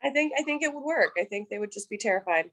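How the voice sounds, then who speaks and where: A woman's voice: mid-range voice, expressive, quick pace, a bit bright. A woman co-hosting a casual Bible study chat, chiming in with short, dry remarks. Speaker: podcast co-host.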